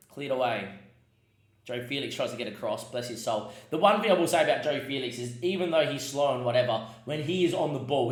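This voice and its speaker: Guy narrating his football sim save, mutters then gets worked up, echoey room. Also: medium pitch. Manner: swings between muttered asides and sudden frustrated outbursts. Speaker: gaming podcast host. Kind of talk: casual football game commentary.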